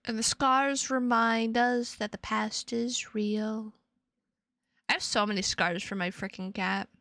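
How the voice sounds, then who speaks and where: A young woman streamer rambles playfully to her chat, repeating words and drifting between topics. Her voice is bright and fairly high, and she talks at a slow, easy pace. The sound is dry and close to the mic. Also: steady tone, no room sound. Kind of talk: casual chat with stream viewers.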